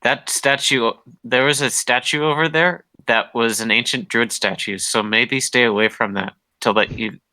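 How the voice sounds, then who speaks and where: A man's voice: medium pitch, steady tone, normal speed, few pauses, pushed and bright, poor audio. A man playing in a tabletop role-playing game, speaking casually and hesitantly. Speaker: player. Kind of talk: casual chat at a gaming table.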